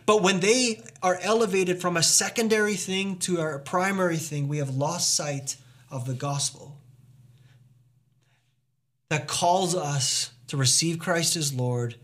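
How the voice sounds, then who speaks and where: High-voiced man preaching emphatically. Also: measured pace, fairly bright tone. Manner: earnest, emphatic preaching with rhetorical questions. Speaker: pastor. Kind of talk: sermon.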